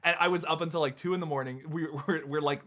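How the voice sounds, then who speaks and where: A man hosting a casual live stream chat, excitable, laughing often and restarting his sentences. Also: a little high, fast talker. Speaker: host.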